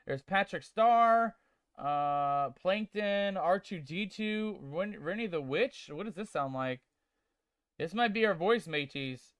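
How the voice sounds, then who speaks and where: High, smooth-voiced male game streamer. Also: animated, slow pace, fairly bright tone, no echo, clean studio sound. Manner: playful, jokey, calls viewers "mateys"; reads chat aloud and tests text-to-speech voices. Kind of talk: casual game stream chat.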